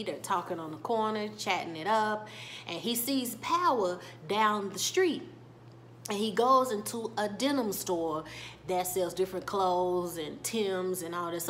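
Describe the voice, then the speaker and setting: A woman vlogger recapping a TV episode in casual speech, retelling scenes with lively quoted lines. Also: medium pitch, measured pace, slight background noise.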